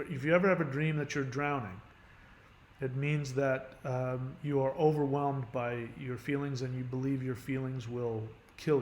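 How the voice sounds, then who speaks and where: Middle-aged male host, rambling casual monologue with mid pitch, restarts his sentences. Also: roomy sound, a little hiss or hum. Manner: rambling, restarts often, many "you know"s. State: has a headache. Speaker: channel host giving advice.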